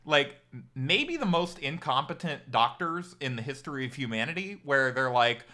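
A man hosts a podcast with breezy, teasing patter. His voice is bright and forward, set in a middle pitch. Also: very animated, moderate pace. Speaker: podcast host. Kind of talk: casual podcast chat.

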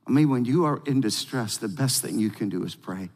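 A man preaching a sermon as pastor, energetic and emphatic, drawing the congregation into call-and-response. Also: medium pitch, a little fast, few pauses, long reverb tail.

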